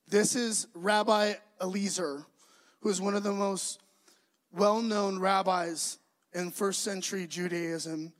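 Animated high-voiced male preacher. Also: rough recording. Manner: animated storytelling, acts out quoted voices. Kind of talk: sermon.

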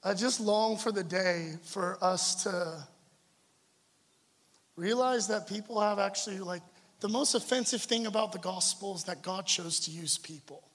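Male pastor, high-pitched, earnest and conversational sermon delivery, recorded in a reverberant church hall over faint music. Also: unhurried, fairly bright tone. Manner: earnest, conversational preaching with stumbles.

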